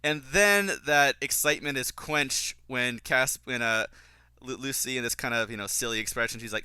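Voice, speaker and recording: A man giving casual fan commentary on a film, opinionated and quick to get exasperated. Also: medium pitch, pushed and bright, clean tone, no echo. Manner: opinionated, flares into exasperated ranting.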